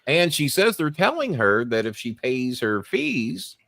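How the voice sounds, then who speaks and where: A man's voice: mid-range voice, huge pitch swings, a little slow, gravelly, pushed and bright, dry recording. A man hosting a casual livestream show, telling rambling, profane stories. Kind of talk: casual chat and storytelling.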